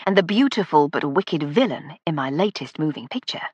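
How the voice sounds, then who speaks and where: A genial, talkative middle-aged man with a Lancashire accent, as a woman narrator puts him on. His voice carries a touch of husky breath and stays friendly and easy. He talks freely and warmly to his hosts. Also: sits low, lively intonation, moderate pace, no room sound, highs cut off. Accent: northern English, Lancashire. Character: affable middle-aged northern male film producer.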